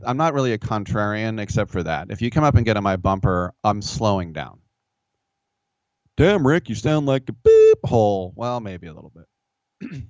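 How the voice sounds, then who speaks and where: A man's voice: fairly low pitch, clean tone, no echo. A man hosting a sports radio show, telling rambling, self-mocking stories. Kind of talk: casual sports talk radio. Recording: dull, dry studio sound.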